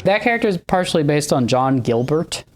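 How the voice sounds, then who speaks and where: A man's voice: fairly high pitch, big pitch swings, brisk, slight background noise. Chatty man riffing on a film. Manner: chatty, acts out quotes in silly voices. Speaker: podcast co-host. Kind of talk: casual film-review chat.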